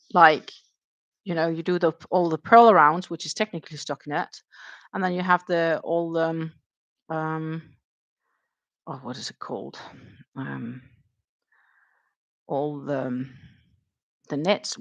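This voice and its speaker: Woman with a Danish accent, low gravelly voice, dry close sound, casual chat while crocheting. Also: a little slow, pauses often, fairly bright tone, dry recording. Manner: chatty, dryly sarcastic, thinks aloud while counting stitches. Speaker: crochet stream host.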